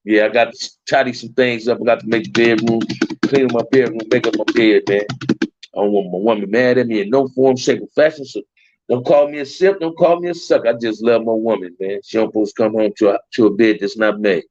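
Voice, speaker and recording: A man's voice: mid-range voice, steady tone, a little fast, a little mellow, slight background noise. Middle-aged LA man, livestream host, loose and slangy, repeats himself, mid-range voice, muffled stream audio. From Compton, Los Angeles. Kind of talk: casual livestream chat with viewers. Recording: dull, dry lo-fi stream audio.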